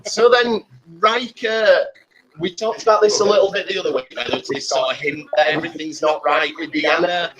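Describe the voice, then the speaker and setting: A man co-hosting a live podcast in a pub, chatting loosely, laughing and swearing, often slipping into quick mimicry of characters. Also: fairly high pitch, poor audio. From Britain. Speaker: podcast co-host. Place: crowded pub, live show. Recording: live pub recording with crowd noise. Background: pub crowd chatter.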